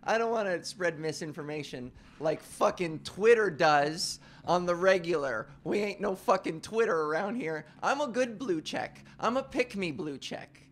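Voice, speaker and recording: A man's voice: high-pitched, lively intonation, unhurried, few pauses. A man hosting a casual podcast, ranting in a profane, self-mocking way. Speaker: podcast host.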